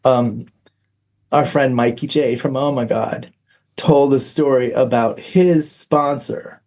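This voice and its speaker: A middle-aged man appears as a podcast guest, recounting a personal story with candor, frankness, and self-mockery, dropping lots of "um"s. His voice sits at a medium pitch and sounds slightly mellow.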